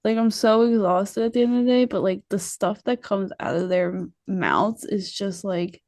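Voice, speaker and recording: A woman's voice: mid-range voice, moderate pace, a little mellow, no echo, clean studio sound. A young woman co-hosting a podcast, chatting casually and laughing often. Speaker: podcast co-host; preschool teacher. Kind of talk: casual chat.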